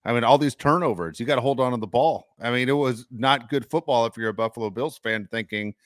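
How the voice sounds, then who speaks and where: A man's voice: mid-range voice, quick pace, few pauses, no room sound, studio quality. A man co-hosting a sports podcast, talking casually and acting out what fans would say. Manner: animated, acts out fans' voices. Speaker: podcast co-host.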